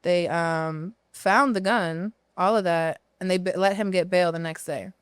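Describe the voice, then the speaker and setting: Philly woman in her thirties, podcast guest, lowish voice, very smooth and dry, blunt and profane storyteller. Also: fairly even intonation, a little slow, no echo. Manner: candid and profane, tells her story at length. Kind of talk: casual storytelling interview.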